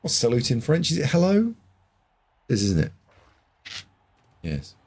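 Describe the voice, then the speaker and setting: A man casting a video game match, excitable, jumping from loud shouts to muttered asides. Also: medium pitch, measured pace, breathy edge. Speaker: game caster.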